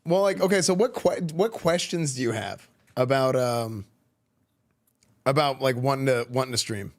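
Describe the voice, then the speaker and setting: A man from Texas with a Texan accent, a streamer chatting casually with a school class, relaxed and slangy, with lots of fillers and restarts. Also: medium pitch, moderate pace. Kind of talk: casual chat answering students' questions. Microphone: good streaming microphone.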